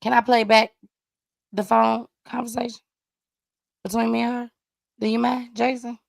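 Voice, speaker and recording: A woman's voice: a little high, flat delivery, normal speed, creaky, no echo, clean studio sound. A woman hosting a live stream, giving casual, slangy commentary on news clips and talking directly to her audience.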